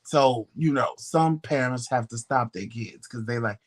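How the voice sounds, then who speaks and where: A man co-hosting a podcast, telling stories in casual chat, animated and profane, acting out the voices of people he quotes. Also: medium pitch, unhurried, hardly any pauses. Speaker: podcast co-host.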